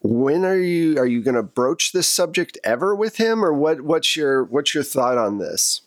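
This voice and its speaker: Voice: mid-range voice, very animated, moderate pace, dry recording. A game master narrating a tabletop game and prompting the players with questions.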